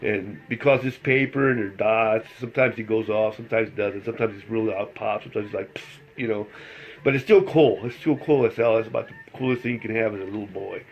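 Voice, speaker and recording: A man's voice: fairly low pitch, brisk. Chuckling man telling stories. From El Paso, Texas. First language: Spanish. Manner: rambling, chuckles through the telling. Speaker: storyteller. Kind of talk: casual anecdote telling. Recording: slightly dull lo-fi recording.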